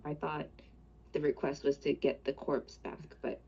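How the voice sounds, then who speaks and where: A woman chatting as a player in a tabletop game. Her voice is very low and gravelly. It sounds dark and husky through a dull lo-fi mic. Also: level tone, measured pace. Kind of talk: casual play chat.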